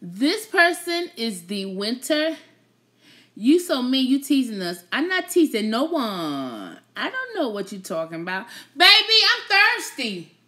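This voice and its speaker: A woman's voice: sits high, big pitch swings, a little slow, sharp tone. A woman hosting a casual live stream, chatting playfully with her viewers, teasing them and laughing often.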